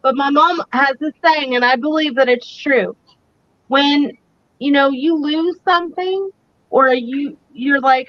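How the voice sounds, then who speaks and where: Earnest, emphatic high-voiced woman. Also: a little slow, no room sound, muffled recording. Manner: earnest, emphatic, repeats key phrases. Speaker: psychic co-host. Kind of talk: live-stream talk show chat.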